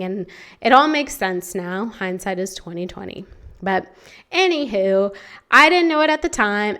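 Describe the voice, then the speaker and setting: A woman's voice: medium pitch, a bit bright, smooth. A young adult woman hosting her own podcast, telling a personal story in a candid, emotional way with many fillers. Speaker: podcast host. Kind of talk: reflective solo podcast monologue.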